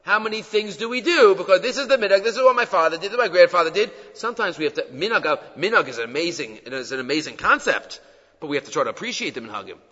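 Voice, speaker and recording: Animated, bright-voiced man teaching a Torah class. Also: sits high, racing. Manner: emphatic, weaves in quoted Hebrew texts. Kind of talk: Torah lecture. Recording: dull lo-fi recording in an echoey hall.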